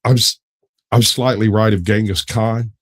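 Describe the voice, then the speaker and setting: Lower-voiced joking male co-host. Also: fairly even intonation, normal speed. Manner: joking, teasing, crude humor. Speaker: podcast co-host. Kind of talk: casual chat.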